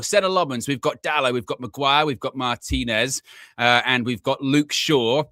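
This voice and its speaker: A man hosting a live football watchalong, chatty and excitable, laughing often as he runs through team news. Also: mid-range voice, normal speed, dry recording. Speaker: fan channel host.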